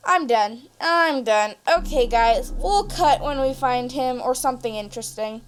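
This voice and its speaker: A woman's voice: high-pitched, expressive, normal speed, slight background noise. A young woman hosting her gaming channel, chatting through a card game in a bubbly, rambling, jokey way. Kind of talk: casual game commentary.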